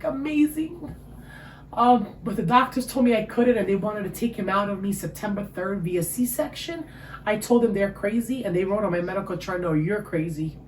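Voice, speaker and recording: A woman, giving an emotional personal testimony as an interview guest. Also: medium pitch. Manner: emotional, storytelling, animated. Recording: echoey room with faint ambient noise.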